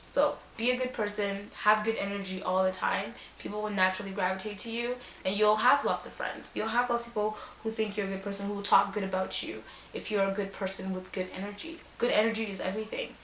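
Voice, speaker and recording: A woman's voice: medium pitch, little pitch movement, fast, hardly any pauses, a bit bright, roomy sound, a little hiss or hum, poor audio. A young woman giving casual back-to-school advice in a sassy, chatty way, full of slang and acted-out quotes.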